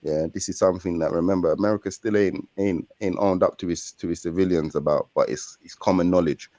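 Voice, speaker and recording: A man's voice: low voice, fairly even intonation, fairly quick, dark tone, no echo. A young man with a London accent, talking casually in streetwise slang and rambling through his points. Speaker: podcast co-host. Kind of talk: casual chat.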